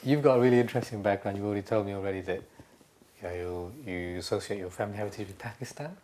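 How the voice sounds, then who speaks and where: A man's voice: lowish voice, racing, darkish tone, slight background noise. A man asking oral history interview questions, careful and rephrasing as he goes.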